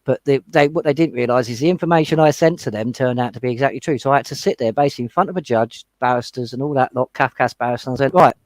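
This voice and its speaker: Fast, heated man. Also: medium pitch, no echo. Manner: heated, retelling confrontations with quoted exchanges. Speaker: panel guest. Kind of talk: casual chat.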